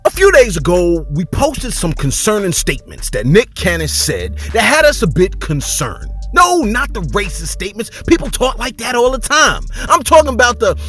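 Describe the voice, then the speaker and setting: A woman's voice: mid-range voice, very animated, normal speed, few pauses, fairly bright tone, breathy edge, faint music behind. A woman hosting a celebrity gossip show, delivering sarcastic commentary with sing-song, mocking asides.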